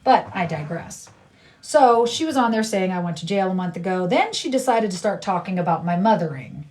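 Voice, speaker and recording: A woman's voice: on the low side, expressive, normal speed, darkish tone, far from the mic. A middle-aged woman livestreaming, chatting casually in a blunt, rambling way and repeating herself.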